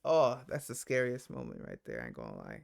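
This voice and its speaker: A man's voice: mid-range voice, wildly swooping pitch, brisk, creaky, dry recording, clean studio sound. A man hosting a reaction video, talking in a laid-back, slangy way and exclaiming at the clips. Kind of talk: casual reaction commentary.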